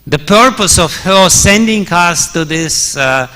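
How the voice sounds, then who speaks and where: A man's voice: high-pitched, expressive, measured pace, bright, forceful tone. A man preaching a scripture story in a temple hall, chuckling often and using many fillers. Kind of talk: storytelling sermon.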